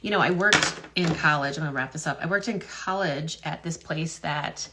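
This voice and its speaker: A woman with a slightly low voice talks straight to her viewers in a loose, casual vlog. She rambles and thinks out loud, full of "um"s and restarts. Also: normal speed, hardly any pauses, background noise. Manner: rambling, wonders aloud, many fillers and restarts. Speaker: health and business content creator. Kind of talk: casual talk-to-camera vlog.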